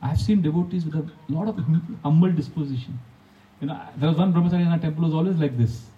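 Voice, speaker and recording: A man's voice: a little high, fast, distant mic, lo-fi sound. A man, a monk giving a devotional talk full of anecdotes, often laughing and acting out quotes. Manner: storytelling, animated, laughs often, acts out quotes.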